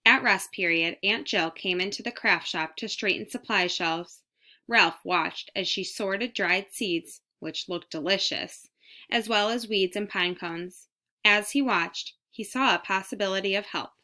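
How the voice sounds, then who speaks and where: A woman narrating a children's storybook aloud, reading clearly at an even pace. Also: mid-range voice, unhurried. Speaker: audiobook reader.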